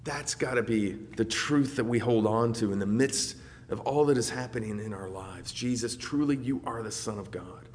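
A man preaches with a dynamic delivery, rising to loud, emphatic peaks and then dropping to a soft, reflective murmur. His voice sits at an average pitch, and a long reverb trails each phrase as if he is speaking in a large hall. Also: moderate pace. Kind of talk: sermon.

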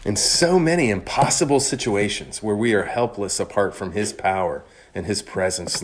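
A man preaching a sermon in an earnest, measured way, slowing down on key phrases. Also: fairly low pitch, a little hiss or hum.

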